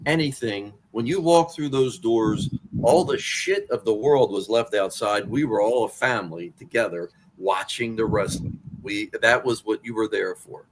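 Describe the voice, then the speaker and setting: A man in his sixties telling wrestling stories as an interview guest, animated and profane, jumping to much higher pitch when riled. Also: normal speed, noisy background. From Washington D.C. area. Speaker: interview guest, wrestling author and former manager. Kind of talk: casual storytelling interview.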